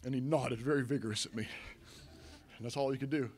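A man's voice: medium pitch, fairly even intonation, fast, slight background noise. A middle-aged man, a pastor, preaching a conversational sermon to his congregation, repeating phrases and restarting lines as he goes. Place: church sanctuary.

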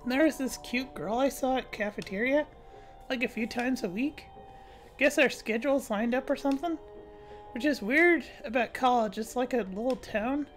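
A woman's voice: on the high side, normal speed, soft background music, close to an everyday voice. A woman reading as a blunt goofy young cat. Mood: wry.

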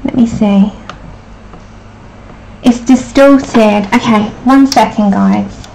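A woman's voice: fairly high pitch, slow, mellow, a little hiss or hum. A woman hosting a casual live stream, chatty and apologetic while she fixes her sound. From United Kingdom. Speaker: livestream host.

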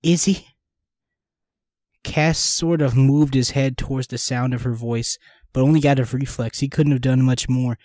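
A man's voice: medium pitch, steady tone, a little mellow, no room sound, clean studio sound. Teasing man reading fan fiction aloud. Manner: teasing, laughs often, reads quickly. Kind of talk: comedic read-aloud with banter.

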